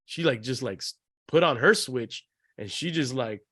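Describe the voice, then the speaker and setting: A man co-hosting a podcast, animated and acting out his kids' voices as he tells family stories. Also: mid-range voice, moderate pace, slightly rough, no room sound, clean studio sound. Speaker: podcast co-host. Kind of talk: casual chat.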